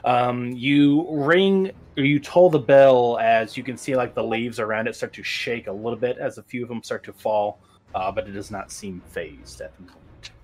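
A man's voice: mid-range voice, fairly even intonation, normal speed. A man acting as game master, narrating a tabletop game in a casual way with frequent fillers and restarts.

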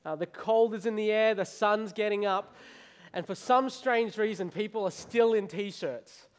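An Australian man in his thirties delivers a sermon with a fairly high voice. He tells stories with energy and often stumbles and repeats his words. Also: a little slow. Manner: animated storytelling, stammers and repeats words. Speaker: preacher.

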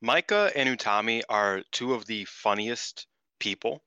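A man co-hosting a podcast in casual chat, rambling and excitable, swearing freely. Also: on the low side, a little slow, smooth, no echo, highs cut off. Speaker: podcast co-host.

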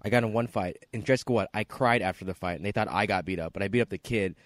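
Low-voiced teasing man on a podcast. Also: fast, no echo. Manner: teasing, deadpan one-liners. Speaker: podcast co-host. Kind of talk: joking casual chat. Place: outdoors at a yard sale.

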